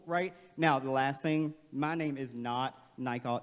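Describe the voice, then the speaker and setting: A man leading a playful, energetic, interactive staff training workshop in a large auditorium. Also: mid-range voice, unhurried. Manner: playful, energetic, calls on the crowd. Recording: long hall reverb.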